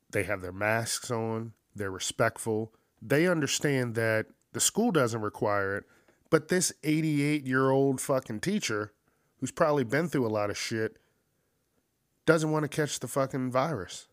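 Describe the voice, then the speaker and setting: A man's voice: mid-range voice, dry recording. A man in a mid-range voice tearing through a news story with constant swearing. He gets heated and acts out the people in it. The sound is close and dry, with no room around it. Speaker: news commentary host. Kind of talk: profane casual commentary.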